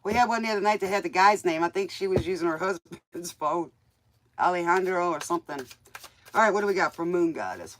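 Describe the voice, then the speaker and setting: A woman's voice: on the low side, lively intonation, brisk. A woman with a smoky voice, chatting in a folksy, rambling way as she reads tarot cards for viewers on her show. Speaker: tarot reader and DJ host. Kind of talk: casual live tarot reading chat.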